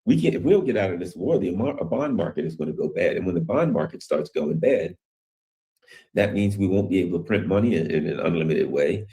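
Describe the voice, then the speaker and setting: Man, low voice, casual news commentary, rambling, rhetorical questions. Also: expressive, quick pace, warm tone.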